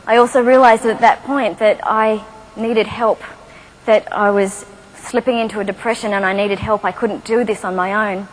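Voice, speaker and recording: A woman's voice: mid-range voice, a little hiss or hum, low-quality recording. A middle-aged woman giving a motivational talk on stage, telling her life story with self-deprecating humor and questions to the audience. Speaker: motivational speaker. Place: stage before a live audience.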